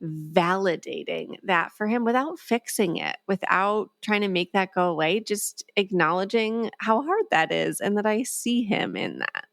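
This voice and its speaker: A woman guest and emotional development expert, speaking in a calm, measured way on a podcast interview, with a gentle tone when she quotes herself talking to a child. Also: mid-range voice, creaky, no echo, clean studio sound.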